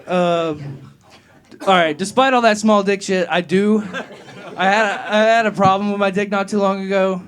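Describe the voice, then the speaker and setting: A man's voice: high voice, fairly even intonation, normal speed. A young man doing a profane, rambling stand-up set at an open mic, laughing at his own jokes. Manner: gets loud and heated answering a heckler. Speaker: stand-up comedian. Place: comedy club open mic.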